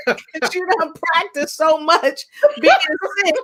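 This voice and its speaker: Lively woman hosting a live talk show. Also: high-pitched, slow. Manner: lively, playful, addresses viewers directly. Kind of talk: live online interview show.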